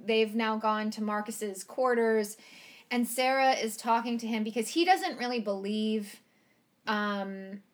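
Speaking at a measured pace in a slightly high voice, this woman co-hosts a podcast and recaps a show. Her chat is casual and chatty, peppered with "like" and "um," with laughter coming easily.

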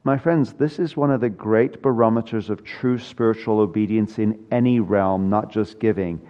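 A man's voice: fairly low pitch, dark tone, dull audio. An older man preaching a sermon as pastor, earnest with dry humor and emphatic repetition of key lines.

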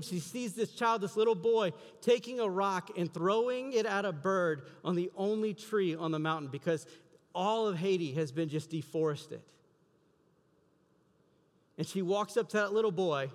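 A pastor preaches a sermon in story form, acting out quoted dialogue by raising his pitch and volume. The recording has the reverb of a large hall.

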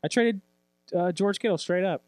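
A man's voice: high-pitched, moderate pace, a little mellow, no room sound. A man co-hosting a fantasy football podcast, rattling off player lists in crude, joking casual chat. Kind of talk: profane casual sports chat.

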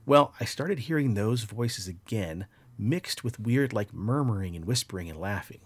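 A podcast host telling a story casually in a relaxed, animated way, with swearing throughout. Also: male voice, on the low side, normal speed, breathy edge, dry recording.

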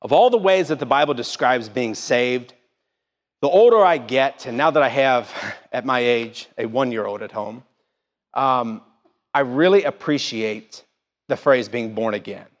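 A middle-aged pastor preaches in a church sanctuary, his mid-range voice moving a little slowly and trailing a long reverb tail. He is emphatic and keeps putting questions to the congregation in a call-and-response style that rises and falls.

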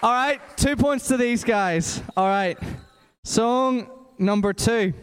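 A man with energetic, encouraging delivery leading a quiz for children in a church. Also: very high voice, slow pace, a little hiss or hum. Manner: energetic, encouraging, talks to a crowd. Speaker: children's worship leader running a quiz. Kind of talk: lively church address to children. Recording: echoey church hall.

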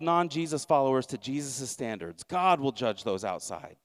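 A man's voice: medium pitch, big pitch swings, normal speed, no room sound, studio quality. A man pastor preaching a sermon, emphatic and repeating his key lines, with wry asides.

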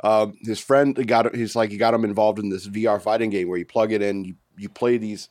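Relaxed man reading news stories. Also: on the low side, a little fast, no echo, clean studio sound. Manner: relaxed, reads stories, jokey asides. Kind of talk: casual chat.

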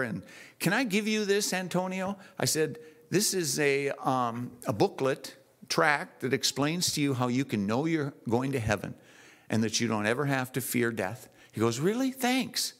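A man preaching a sermon in church, telling stories in a lively, animated way. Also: medium pitch.

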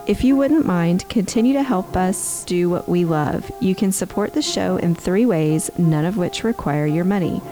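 A woman co-hosting a comedy podcast, chatting casually, teasing and laughing often. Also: fairly low pitch. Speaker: podcast co-host.

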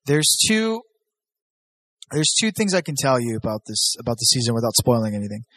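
A man chatting casually as a podcast co-host, animated and swearing freely, acting out quoted voices. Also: medium pitch, fairly quick, no echo. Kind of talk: casual chat.

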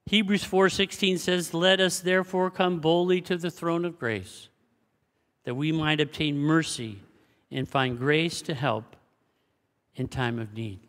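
A man preaching a sermon as pastor, swinging between loud exclamations and hushed, low passages. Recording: long hall reverb.

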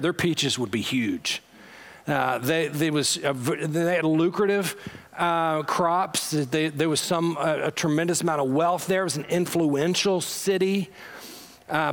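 A man preaching a sermon in a conversational way, swinging from loud emphatic bursts to low quiet asides, with frequent fillers and restarts. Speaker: pastor.

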